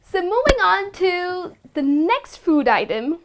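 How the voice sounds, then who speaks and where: Slow, high-voiced woman teaching pronunciation. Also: big pitch swings. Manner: instructive, slow and deliberate, repeats words carefully. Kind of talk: scripted lesson to camera.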